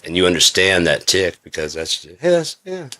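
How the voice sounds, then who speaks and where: A man's voice: low voice, sing-song, normal speed, sharp tone. A man talking in a rambling, swearing monologue, coughing often and acting out quoted voices. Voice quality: frequent coughing. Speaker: video creator.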